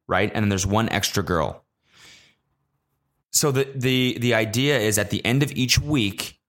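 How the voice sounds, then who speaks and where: A young man hosting a casual solo podcast, ranting with swearing and sudden high, exasperated outbursts. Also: fairly bright tone. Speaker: podcast host. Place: traveling abroad, recording while away.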